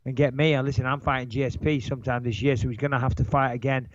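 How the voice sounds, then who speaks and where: A man's voice: medium pitch, fairly even intonation, fast, noisy background. Man, nasal Manchester-area English accent, brash swearing podcast co-host, dull lo-fi recording. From England. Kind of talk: casual podcast banter.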